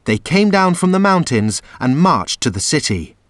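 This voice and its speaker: Male storybook reader, expressive and sing-song, very lively pitch, dead-dry recording. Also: moderate pace, dry recording. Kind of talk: children's story read-aloud narration.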